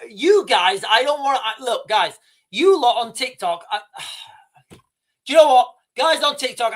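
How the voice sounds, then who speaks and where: A man streams live and comments with raw passion. His voice sits high for a man. He stumbles, restarts and swears bluntly as he talks. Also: a bit bright. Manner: impassioned, halting, with restarts and swearing. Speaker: livestream host.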